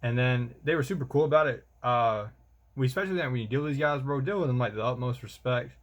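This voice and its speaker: A man's voice: medium pitch, quick pace, highs cut off. A young man, telling a rambling, slangy vlog story about army training and calling the listener bro. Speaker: soldier vlogger.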